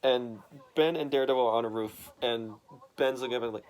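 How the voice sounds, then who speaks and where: A man's voice: medium pitch, brisk. A man casually recapping a comic book story, rambling with lots of fillers and swearing.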